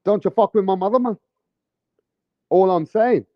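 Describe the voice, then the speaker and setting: A man's voice: sits high, normal speed, no echo, dull audio. A man giving casual vlog commentary on boxing, with a brash, profane, heated ranting manner.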